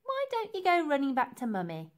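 A woman's voice: high voice, wildly swooping pitch, fairly quick, voice pushed up. A woman reading aloud, voicing a tough little girl who sneers and mocks. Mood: sneering. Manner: sneering, mocking.

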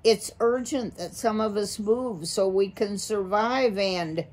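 A woman's voice: mid-range voice, takes it slowly, darkish tone. A woman reading a storybook aloud, voicing a timid father deer mouse who stammers and hesitates. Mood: nervous.

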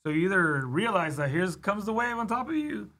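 Male guest, fairly high voice, quick to jump in with quips. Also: very animated, bright, forceful tone. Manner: jokey, chimes in and interjects. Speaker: podcast guest, real estate wholesaler. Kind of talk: casual chat.

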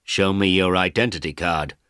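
A man voicing a stern male policeman who speaks in a measured way. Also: low voice, steady tone, sharp tone, clear, resonant tone, no room sound, clean studio sound.

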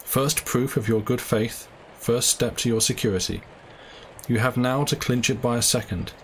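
A man reading aloud voices a cool, cynical doctor who lectures a younger man with calm assurance. His voice sits at an ordinary middle pitch, steady and persuasive, over a faint room ambience. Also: moderate pace, a little hiss or hum, close to an everyday voice. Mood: coaxing. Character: smooth, cynical male doctor, worldly and persuasive.

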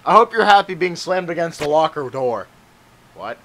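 A man's voice: a little high, lively intonation, normal speed, sharp tone, a little hiss or hum. A man giving casual let's-play commentary, joking, swearing and talking to the game's characters. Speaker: let's player. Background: game music.

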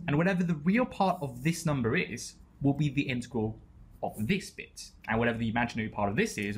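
A man's voice: mid-range voice, a little hiss or hum. A man explaining a maths problem step by step, pointing at terms as he writes them. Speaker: maths tutor. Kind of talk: explaining maths while writing.

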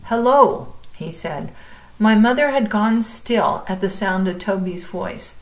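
A woman calmly reading a chapter book aloud, as if to a class. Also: mid-range voice, rough recording. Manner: calm, measured storytelling.

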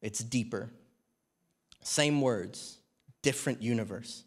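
A man from New Zealand, somewhere in his thirties or forties, preaches to a church congregation, chatting naturally and adding funny asides. He has a mid-range voice and takes things slowly.

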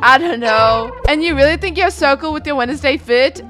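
Sassy high bright-voiced woman gamer. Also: fairly quick, soft background music. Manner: sassy, teasing, playful. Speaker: gaming video host. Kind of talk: let's-play commentary reading chat aloud.

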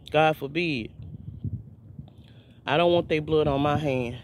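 Man, high-pitched voice, informal video sermon, fervent, repetitive, stammering restarts. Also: slow, pauses often, slight background noise. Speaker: preacher.

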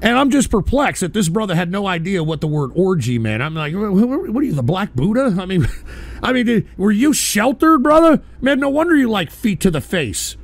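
A man's voice: high-pitched, sing-song, moderate pace, creaky. A man hosting a call-in radio show, ranting brashly, swearing and repeating himself as he takes calls. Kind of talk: profane call-in radio rant.

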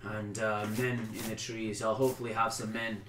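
A cool, wary human commander, as a game master puts him on gives his orders quickly and in a measured way. The tone is bright and carries a roomy echo, with faint background hiss. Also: level tone, natural voice. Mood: calm. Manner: quick, measured and low, rising to shouts.

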